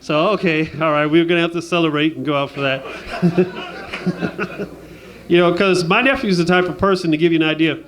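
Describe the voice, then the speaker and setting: A man's voice: fairly high pitch, fairly even intonation, moderate pace, fairly bright tone. Chatty self-deprecating stand-up man. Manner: self-deprecating, chatty, laughs at own jokes. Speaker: stand-up comedian. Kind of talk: stand-up comedy set. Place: stage in Las Vegas.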